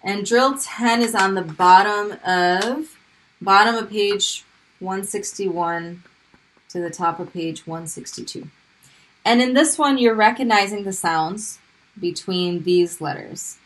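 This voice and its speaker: A woman teaches Arabic pronunciation in a recorded video lesson, patiently repeating each sound so learners can drill it. She speaks slowly at a medium pitch, and the recording quality is low.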